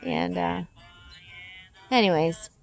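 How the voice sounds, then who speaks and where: A woman's voice: on the low side, takes it slowly, gravelly, loud music behind the voice. A woman talking in a loose, rambling, heartfelt way, chatting casually in a vlog. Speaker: parent vlogger.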